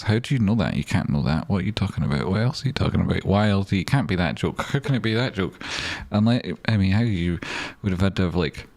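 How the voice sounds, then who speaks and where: Low-voiced man, sweary stream banter. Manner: chatty, swears often, jokey banter. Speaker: streamer reading live chat. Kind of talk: casual livestream chat.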